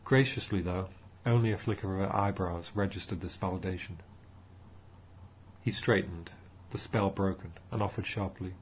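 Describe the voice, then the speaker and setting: A man narrating an audiobook in a measured storytelling manner. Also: sits low.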